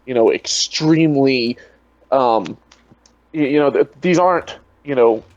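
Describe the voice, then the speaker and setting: A man's voice: medium pitch, unhurried, a little mellow, no room sound, highs cut off. A man talking as a guest in a casual online debate, rambling and full of "you know" fillers over a video call. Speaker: guest, atheist video creator.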